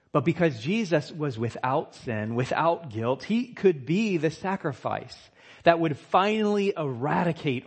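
A man delivering a sermon, with a husky, slightly breathy voice. He preaches in a measured, deliberate way and leans into key words when he reads scripture aloud. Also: mid-range voice. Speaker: pastor.

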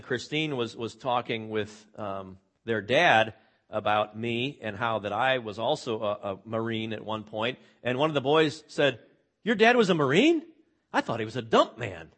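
A man's voice: mid-range voice, a bit bright. A man preaching a sermon in a conversational way, reading scripture aloud with drama and often repeating words as he restarts. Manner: frequent word repeats and restarts. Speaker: pastor.

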